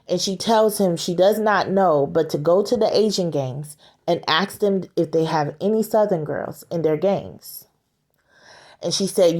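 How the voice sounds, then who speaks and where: A woman casually retelling a story scene aloud, halting, with frequent fillers and restarts. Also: lowish voice, a little mellow.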